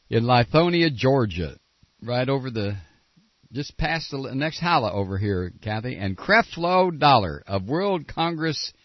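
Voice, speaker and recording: A man hosting a political talk radio show, sarcastic, and now and then breaking into shouted tirades. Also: medium pitch, no room sound. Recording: dull lo-fi radio broadcast.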